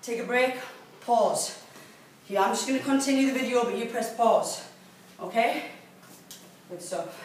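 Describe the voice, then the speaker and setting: A woman whose voice is on the high side keeps a measured pace with long pauses as she coaches a workout video. Exercising alongside, she gives encouraging cues and ends up breathless. The room is highly reverberant, the mic far off, and faint noise is audible.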